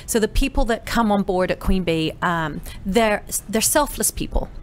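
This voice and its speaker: A woman from the UK whose British accent has softened, a salon owner chatting casually as a guest with a friendly, self-deprecating manner. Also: medium pitch, animated, moderate pace. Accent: British, softened by years in America. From United Kingdom. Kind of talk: casual interview chat.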